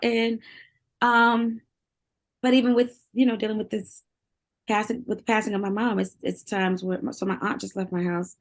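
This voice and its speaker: A woman in her forties, a singer, talking candidly in an interview, full of fillers and quick to laugh. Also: mid-range voice, little pitch movement. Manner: candid, heavy filler use, laughs easily. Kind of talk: emotional interview conversation.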